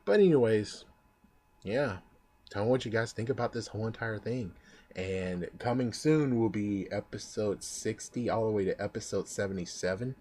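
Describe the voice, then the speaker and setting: A young man giving an excitable, swearing commentary about an anime dub in a casual vlog. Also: lowish voice, normal speed, slight background noise. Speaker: anime vlogger.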